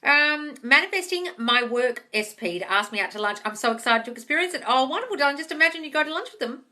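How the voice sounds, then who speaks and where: Hosting a live manifesting Q&A, a woman dishes out blunt, sweary, casual advice and calls listeners darling and guys. She talks fast in a high voice that's pushed and bright, with lively intonation. A phone or webcam on the live stream serves as the mic.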